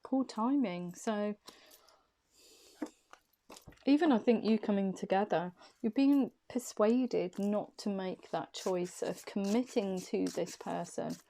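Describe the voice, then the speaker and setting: A woman's voice: mid-range voice, measured pace, creaky, hardly any pauses, mellow. A woman giving an intuitive tarot reading to the viewer, thinking aloud as she interprets each card in a loose, wandering way.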